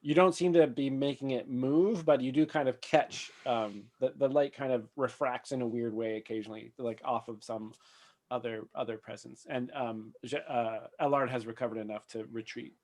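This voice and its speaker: A man running a tabletop role-playing game as game master, narrating scenes in a relaxed way with fillers and frequent laughs. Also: mid-range voice, normal speed. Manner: relaxed, laughs often, thinks aloud with fillers.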